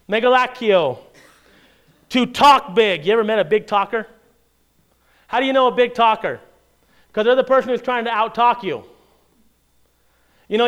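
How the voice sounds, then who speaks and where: A man preaching a sermon as pastor, talking in a lively, joking conversational way with many rhetorical questions, and reading scripture aloud in a measured tone. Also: high-pitched, smooth.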